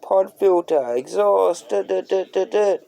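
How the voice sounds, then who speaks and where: A man voicing an eager, car-mad teenage boy with a squeaky voice and an Australian accent. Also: unhurried, creaky, warm tone.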